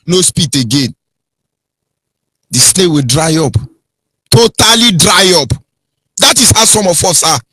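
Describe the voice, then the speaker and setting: A Nigerian man delivering an impassioned radio address with a wide, swooping voice that climbs high when heated. His tone is bright and slightly husky, and the sound is dry and close. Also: dry recording. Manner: preachy, emphatic, swings from low and grave to high and heated. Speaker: radio anchor.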